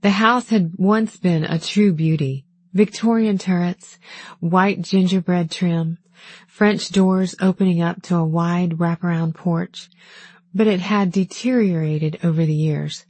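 A woman narrating a first-person novel in a calm, measured, gently wistful way. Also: lowish voice, husky, dry recording. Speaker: audiobook narrator.

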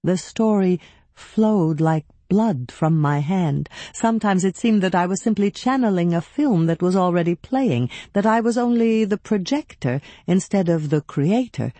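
A woman reads a first-person novel in an expressive, measured way, her low voice unhurried and mellow. The studio sound is dry and close to the mic, with no room around her. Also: no room sound. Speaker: audiobook narrator. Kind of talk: scripted narration.

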